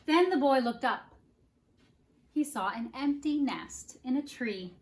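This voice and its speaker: A woman reads a picture book aloud to young children at an unhurried pace, her voice rising and falling with lively swings. Her tone is playful and animated, and she stops to ask the little listeners questions. Faint noise sits under the recording. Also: sits high. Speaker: preschool teacher reading aloud. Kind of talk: children's storybook read-aloud. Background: dog barking now and then.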